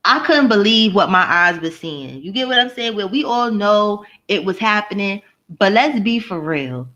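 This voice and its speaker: A woman's voice: medium pitch, fairly bright tone, lo-fi sound. A woman vlogger ranting casually to her live chat, profane and mocking, answering viewers by name.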